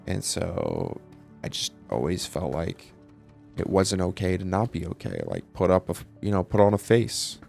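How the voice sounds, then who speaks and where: A man's voice: sits low, vocal fry, darkish tone. A young man speaking candidly in a casual personal monologue, swearing and using lots of fillers. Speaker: vlogger.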